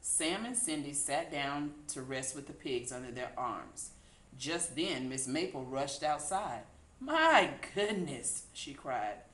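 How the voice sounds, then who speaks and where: A woman reading a children's picture book aloud in an unhurried, expressive way. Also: extremely low pitch. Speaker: storybook reader. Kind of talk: children's read-aloud narration. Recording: echoey room.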